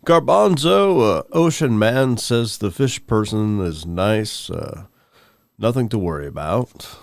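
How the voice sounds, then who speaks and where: Low, slow-talking man at a game table. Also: expressive, vocal fry, dry recording. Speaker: player. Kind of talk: casual tabletop game talk.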